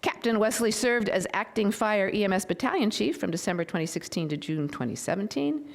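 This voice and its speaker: A middle-aged woman hosting a civic gathering, speaking into a podium microphone before an audience. She talks in a friendly, rambling way, full of fillers and self-deprecating asides. Her pitch sits in an ordinary middle register for a woman. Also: lively intonation, fairly quick, gravelly. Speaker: county board member, master of ceremonies. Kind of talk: informal public event hosting and proclamation reading. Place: public event room with an audience.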